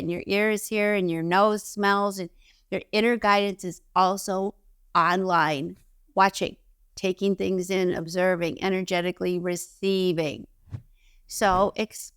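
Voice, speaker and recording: A woman's voice: fairly low pitch, smooth, no room sound, studio quality. A woman giving an instructional self-help talk to camera, emphatic, repeating key phrases and giving direct instructions. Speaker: intuition teacher.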